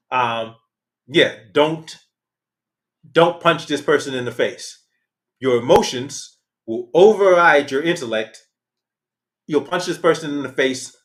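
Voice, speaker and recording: Man, channel host, casual livestream talk, slangy, candid, mid-range voice. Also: mid-range voice. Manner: candid, animated, uses slang and swears.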